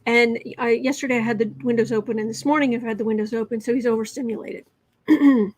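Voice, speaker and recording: A woman's voice: a little high, steady tone, quick pace, a little mellow, dry recording. An American woman hosting a casual tarot livestream, reading viewer comments aloud and sometimes dropping to a whisper. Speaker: tarot reader and livestream host.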